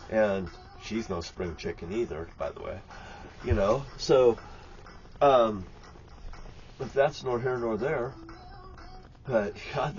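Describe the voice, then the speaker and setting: A man's voice: medium pitch, muffled recording. A man, talking to the camera from his RV in a bitter, profane, rambling rant. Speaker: vlogger. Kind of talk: rambling angry vlog monologue. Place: inside an RV lit by candles.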